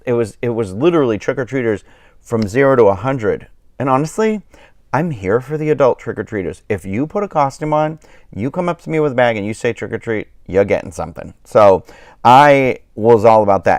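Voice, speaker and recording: A man's voice: lowish voice, animated, normal speed, no room sound, clean studio sound. A man hosting a live stream, chatting casually and rambling with lots of fillers, tired and yawning. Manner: rambling, many fillers and restarts. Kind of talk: casual chat.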